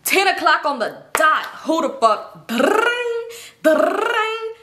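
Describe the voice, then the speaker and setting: A young woman telling a story on her channel, animated and slangy, swearing and laughing as she acts out her friends' voices. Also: sits high, measured pace, noisy background. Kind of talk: casual storytime vlog.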